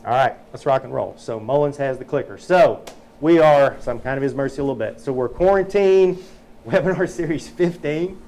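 A man's voice: mid-range voice, normal speed, a little mellow. A man hosting a technical webinar, chatting casually, telling stories and leading a prayer. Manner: folksy, chatty, tells anecdotes. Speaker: webinar host. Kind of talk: casual presentation with storytelling and prayer.

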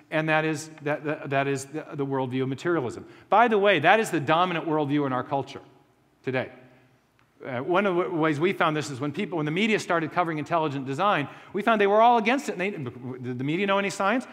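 A man's voice: a little high, a bit bright, long reverb tail. A man giving a conversational lecture to a live audience, with joking asides and frequent restarts.

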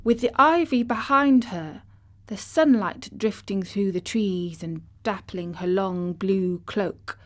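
Woman audiobook narrator, gentle storybook reading, unhurried. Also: medium pitch.

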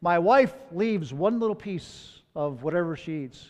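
A man's voice: a little high, lively intonation, a little slow, a little mellow. A man pastor preaching a sermon in a conversational way, with personal asides, in a church sanctuary. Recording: long hall reverb.

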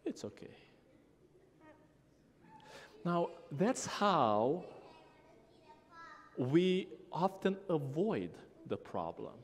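Animated male pastor in a reverberant church. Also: fairly high pitch, slow. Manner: animated storytelling, acting out a child's and mother's voices. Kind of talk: sermon with acted-out story. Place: church sanctuary.

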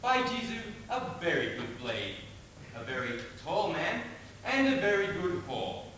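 A young man acting a quick-witted, mocking swordsman in a stage play, theatrical with sudden shouts. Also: high-pitched, sing-song, full character voice. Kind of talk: amateur stage acting of classic verse. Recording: echoey hall, far, noisy old tape.

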